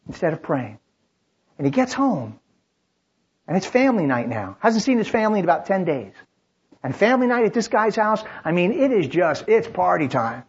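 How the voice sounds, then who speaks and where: Husky man preaching a sermon story. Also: high voice, lo-fi sound. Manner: tells a story in third person with short dramatic lines and repeated restarts. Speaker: pastor.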